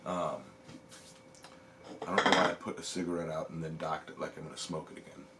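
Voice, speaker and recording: Deep-voiced man chatting on a livestream. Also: brisk, heavy background noise. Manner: chuckles often while reading chat; relaxed, rambling, lots of ums. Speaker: livestream host. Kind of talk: casual livestream chat.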